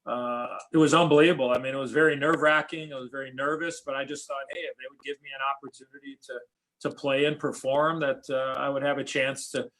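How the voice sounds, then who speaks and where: Bright, animated man telling old stories. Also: medium pitch, fast. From United States. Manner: rambling, many fillers and restarts, animated when quoting. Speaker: podcast guest, former hockey player. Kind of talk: casual storytelling interview.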